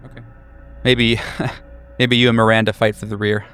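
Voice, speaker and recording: Low-voiced man running a horror game. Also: little pitch movement, fairly bright tone, clean tone, soft background music. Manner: descriptive, halting with fillers. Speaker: game master. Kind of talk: narrating a tabletop horror game.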